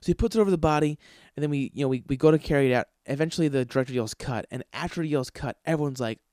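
A man's voice: fairly high pitch, rapid-fire, a little mellow, no echo, clean studio sound. A man hosting a podcast, telling a long story casually with lots of swearing and fillers, acting out the lines of the people in it. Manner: profane, rambling, filler-heavy; acts out quoted dialogue. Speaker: podcast host.

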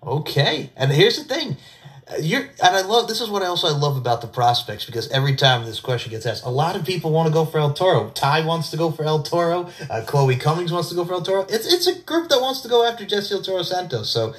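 A man with a New York accent hosting a podcast, chatting in an excitable, rambling, profane way. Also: on the high side, fast talker. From Long Island, New York. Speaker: podcast host. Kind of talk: casual interview chat.

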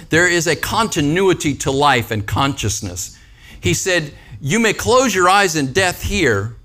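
A man delivers a sermon as a pastor in a fairly high voice that rises and falls a great deal. He keeps it casual and joking, and often checks in with the congregation with "right?" and "Amen?". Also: pushed and bright. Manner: conversational, with joking asides and frequent "Amen?" and "right?".

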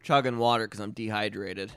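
A man's voice: lowish voice, fairly quick, clear, resonant tone, dry recording, clean studio sound. A man co-hosting a casual podcast chat, swearing freely and jumping between topics. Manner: animated, swears often, jumps between topics. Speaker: podcast co-host.

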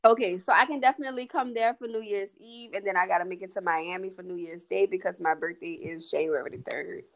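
A woman's voice: lowish voice, fast talker, vocal fry. A woman hosting a casual chat, friendly and affirming, laughing easily.

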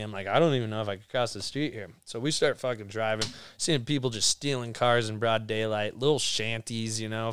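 A man's voice: medium pitch, smooth, no echo, clean studio sound. A young man, a podcast guest, telling rambling stories in casual chat, swearing a lot and laughing as he goes. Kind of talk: casual storytelling.

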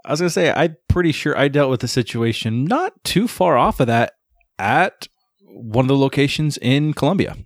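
A man's voice: medium pitch, expressive, moderate pace, no room sound. A man chatting casually with friends, dropping dry jokes.

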